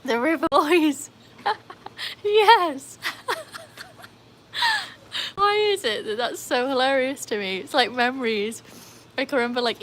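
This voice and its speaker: A woman's voice: on the high side, a bit bright, slight background noise, rough recording. Chatty woman live-streaming on her phone. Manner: chatty, laughs often, greets viewers by name. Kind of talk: casual live-stream chat. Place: outdoors by a pool with dogs. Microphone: handheld phone.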